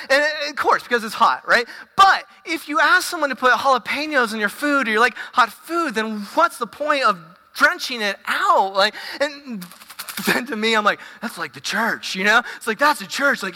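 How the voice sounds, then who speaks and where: Woman pastor, casual sermon, very bright voice, stumbling repeats, long hall reverb. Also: medium pitch, fairly quick. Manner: casual, animated, stumbling repetitions.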